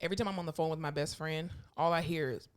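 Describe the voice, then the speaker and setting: A woman co-hosting a podcast in casual chat, candid, laughing often and acting out quotes loudly. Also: low-pitched, fast. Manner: animated storyteller, acts out quotes loudly. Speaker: podcast co-host.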